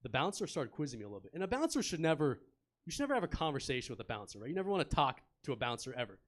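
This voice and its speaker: A young man performs stand-up at a comedy club, speaking into a handheld mic. His voice sits at a middle pitch and his delivery is loose and chatty. He tosses easy banter at the audience between stories. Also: big pitch swings, very fast. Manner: laid-back, chatty, banters with the crowd.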